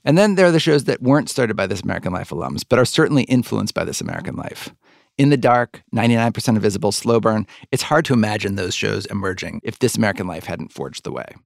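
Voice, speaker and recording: A man's voice: fairly low pitch, expressive, quick pace, gravelly, dry recording, studio quality. A middle-aged man hosting a podcast interview, rambling with many likes and restarts. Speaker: podcast host. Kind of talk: conversational interview.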